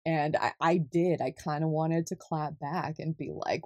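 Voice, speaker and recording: A young woman from California, talking casually in a solo podcast, chatty and quick to laugh at herself. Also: sits low, flat delivery, darkish tone, no room sound, studio quality. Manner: chatty, laughs often, self-deprecating.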